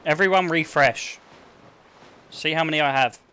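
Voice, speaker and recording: A man's voice: a little high, moderate pace, bright, forceful tone, clean tone. A young man with an English accent, streaming a game and chatting casually with crude jokes and lots of swearing. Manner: crude, joking, swears a lot. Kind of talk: casual gameplay commentary.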